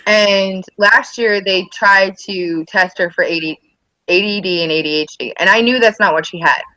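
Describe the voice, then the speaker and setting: On a podcast, a woman with school-age kids tells chatty, lively stories, performing the quoted lines herself. She speaks at medium pitch and a moderate pace; the low-quality recording has no room sound.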